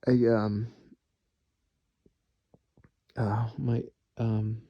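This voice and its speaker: A man's voice: fairly low pitch, level tone, drawn-out words, no echo, highs cut off. A man talking alone to the camera in a rambling, candid monologue, swearing freely as he goes. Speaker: vlogger.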